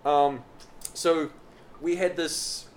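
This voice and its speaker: A man's voice: a little high, very slow, slight background noise. Rambling, profane male podcast host. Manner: rambling, profane, animated storytelling. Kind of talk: casual podcast banter. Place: living in a southern Chinese city.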